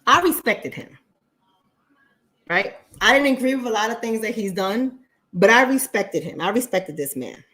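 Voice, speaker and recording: A woman's voice: a little high, animated, normal speed, pushed and bright. Blunt, profane woman host. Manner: blunt, profane, addresses viewers directly; repeats points for emphasis. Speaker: online talk show host. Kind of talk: casual livestream chat.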